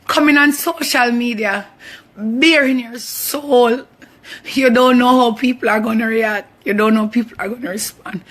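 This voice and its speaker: A woman in her thirties with a Jamaican accent, her voice high and sharp as she delivers an impassioned rant. She sounds fierce and indignant, emotional and close to tears, hammering points home by repeating them. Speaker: abuse survivor speaking out. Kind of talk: impassioned social media rant.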